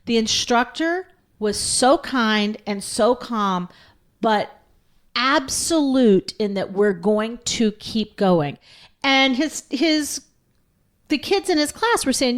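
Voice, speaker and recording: A woman's voice: fairly high pitch, lively intonation, slow. A woman co-hosting a podcast, telling a story with earnest, emphatic conviction. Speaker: podcast co-host.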